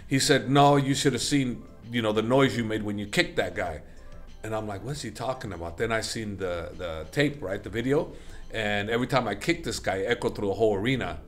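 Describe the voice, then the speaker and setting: Middle-aged man, lowish voice, casual rambling storyteller, lots of fillers and self-corrections; interview guest. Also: fairly quick, soft background music. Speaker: interview guest, MMA coach.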